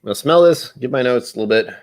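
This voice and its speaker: A man's voice: medium pitch, lively intonation, brisk. A man hosting a live whiskey tasting, chatting casually in a rambling, musing, self-deprecating way. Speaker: host of a whiskey tasting stream. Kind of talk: casual live-stream chat while tasting.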